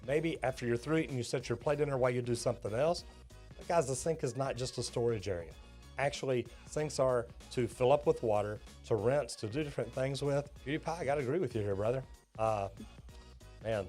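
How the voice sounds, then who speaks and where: Folksy plumber explaining things. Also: male voice, medium pitch, fairly quick, darkish tone, soft background music. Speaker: plumber and host reacting to a clip. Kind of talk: reaction commentary.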